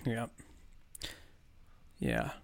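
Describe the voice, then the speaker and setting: A man from Buffalo, New York, chatting casually as a podcast co-host, rambling with lots of fillers and laughing easily. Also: very slow. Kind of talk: casual chat.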